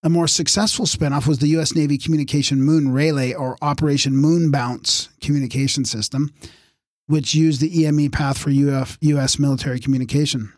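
A man's voice: medium pitch, dry recording, studio quality. A man co-hosting a podcast, reading from his notes with asides and losing his voice. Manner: reads notes aloud with asides. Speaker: podcast co-host. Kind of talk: casual chat, reading aloud.

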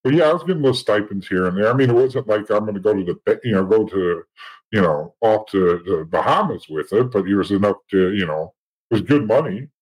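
A man's voice: fairly low pitch, animated, brisk, darkish tone, breathy edge, low-quality recording. A man telling a story bluntly with lots of swearing, acting out what others said, as an interview guest. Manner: blunt, profane, acts out other people's lines. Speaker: interview guest, former police officer and informant.

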